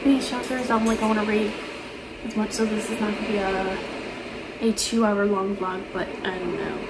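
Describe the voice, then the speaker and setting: A woman's voice: mid-range voice, steady tone, moderate pace, very noisy. A woman chatting casually to camera as a book vlogger, rambling with lots of ums and restarts. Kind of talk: casual chat.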